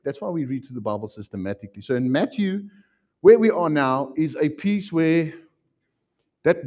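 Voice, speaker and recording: A man preaching a sermon as pastor, animated and acting out little voices as he teaches. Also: mid-range voice. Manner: animated, acts out voices, laughs often.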